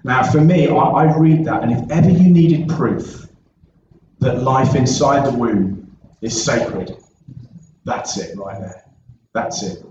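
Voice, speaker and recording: Pastor preaching in an echoey church. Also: male voice, mid-range voice, takes it slowly, noisy background. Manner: earnest, conversational preaching. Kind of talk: sermon with opening prayer. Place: church sanctuary. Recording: echoey church recorded from far off, dull sound.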